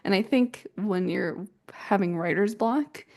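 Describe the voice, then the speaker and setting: A woman's voice: medium pitch, unhurried, darkish tone. A woman co-hosting a writing podcast, chatting casually and self-mocking as she recounts conference advice. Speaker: podcast co-host. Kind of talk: casual chat.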